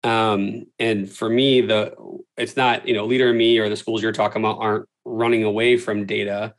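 A man's voice: on the low side, flat delivery, moderate pace, rough recording. A man hosting an interview, speaking earnestly with frequent restarts and fillers. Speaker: host. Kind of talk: interview questions and conversation.

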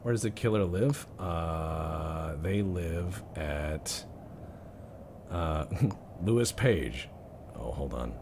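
A man's voice: sits low, lively intonation, drawn-out words, pauses often, background noise. A young man giving casual, joking commentary while playing a game, muttering to himself. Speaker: let's-play gamer.

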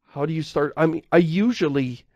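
A man with a gravelly, fry-edged voice chats loosely as a podcast co-host. He rambles, doubles back to fix himself and chuckles between thoughts. The sound is close and dry. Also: fairly high pitch, fairly quick, a little mellow, dry recording, dull audio. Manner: rambling, self-correcting, chuckles often. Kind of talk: casual podcast chat.

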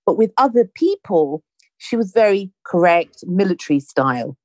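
A woman hosting a conversation, telling a story in a chatty, animated way and acting out the dialogue. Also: medium pitch, normal speed, no echo. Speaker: podcast host. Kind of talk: casual anecdotal storytelling.

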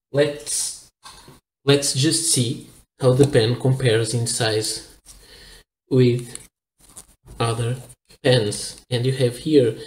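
A man from Portugal talks through a fountain pen review at an unhurried pace. He explains carefully, pausing and restarting as he shows details to the camera. His voice sits mid-range and carries a noticeable room echo. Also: mid-range voice, darkish tone. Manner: careful, hesitant explaining while handling objects. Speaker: pen reviewer, channel host. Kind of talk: product review with demonstration.

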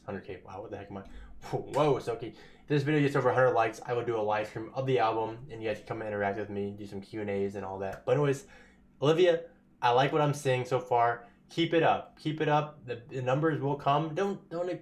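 A man talking casually and excitedly as he reacts to a music video, full of slang. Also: medium pitch, fast. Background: song playing faintly.

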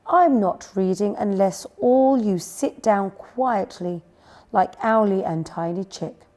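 A woman voicing a small, fussy male owlet who insists everyone sit quietly before he reads, in a children's storybook. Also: mid-range voice, unhurried, natural voice. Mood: insistent. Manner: insistent, complaining.

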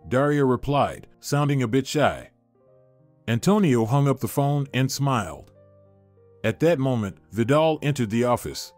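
A man narrating a scripted story in a measured storytelling manner, also voicing its characters. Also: medium pitch, lively intonation, darkish tone, faint music behind. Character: Antonio, a smitten man, calm and professional.

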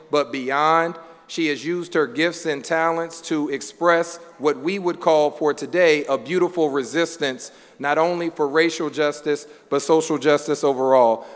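A man's voice: a little high, clear, resonant tone. A man reading formal award introductions at a ceremony, building each one up to applause. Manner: reads prepared biographies, building to applause. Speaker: award presenter. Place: large hall. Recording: hall with long reverb.

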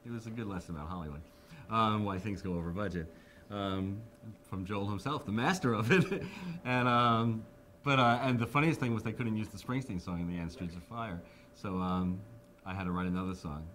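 A man's voice: lowish voice, moderate pace, a bit bright, slight background noise. A man in his fifties, being interviewed, telling anecdotes animatedly and acting out the people he quotes. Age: 50s.

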